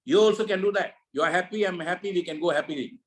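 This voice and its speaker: High-voiced preachy man lecturing. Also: quick pace, rough recording. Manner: preachy, repeats rhetorical questions. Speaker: network marketing leader. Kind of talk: motivational talk. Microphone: video call.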